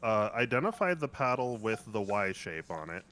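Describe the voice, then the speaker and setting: An American man in casual game chat who reads out instructions slowly and jokes now and then. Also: on the low side, very animated, fairly bright tone, a little hiss or hum. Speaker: co-player reading the manual.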